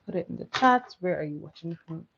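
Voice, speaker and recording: A woman's voice: fairly low pitch, lively intonation, fast, creaky, background noise. A young woman doing a casual livestream makeup tutorial, chatty, laughing often and asking her viewers questions. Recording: dull lo-fi audio.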